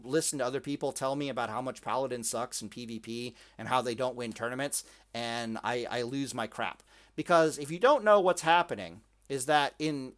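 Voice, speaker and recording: A man's voice: mid-range voice, fairly bright tone. Ranting, profane gaming commentator man. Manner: ranting, profane, repeats words and restarts often.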